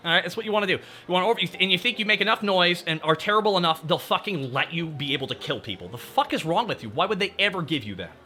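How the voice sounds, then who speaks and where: A man's voice: high voice, expressive, rapid-fire, few pauses, pushed and bright. A man streaming live, chatting straight to his viewers and ranting with a lot of swearing over faint background music. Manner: ranting, profane, talks straight to chat. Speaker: VTuber streamer. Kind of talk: casual livestream chat.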